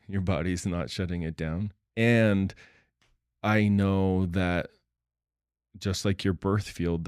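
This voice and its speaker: A middle-aged man with a very low voice that is smooth and resonant, calmly explaining and affirming during a relationship talk. He is recorded close and dry. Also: dry recording. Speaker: podcast co-host.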